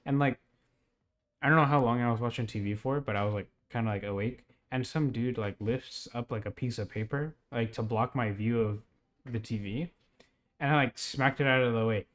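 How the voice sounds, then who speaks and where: A man's voice: mid-range voice, normal speed. Rambling young man telling a dream. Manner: rambling, many fillers and laughs. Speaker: podcast host. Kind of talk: casual dream retelling.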